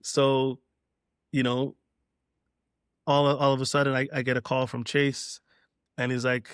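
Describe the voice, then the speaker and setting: A man's voice: medium pitch, measured pace, clean tone, no room sound, studio quality. A middle-aged man from Canada, a DJ and producer, telling a long anecdote in a casual podcast interview and acting out what others said. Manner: relaxed anecdote-telling, acting out quoted dialogue. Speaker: guest, DJ and producer.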